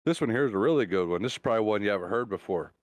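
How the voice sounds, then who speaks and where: A man's voice: fairly low pitch, animated, very fast, no echo. A man co-hosting a casual podcast, telling long jokes in a rambling way with fillers and restarts. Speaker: podcast co-host.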